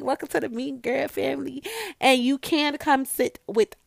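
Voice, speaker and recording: A woman's voice: high-pitched, moderate pace, gravelly, dry recording, clean studio sound. A woman hosting her own podcast, chatting casually and swearing freely as she talks straight to her listeners. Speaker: podcast host. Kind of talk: casual solo podcast chat.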